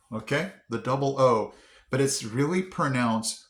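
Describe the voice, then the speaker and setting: A man chatting casually to his viewers, sounding out words haltingly with lots of fillers. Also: medium pitch, expressive, fairly bright tone, echoey room. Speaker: vlogger. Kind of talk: casual chat to camera.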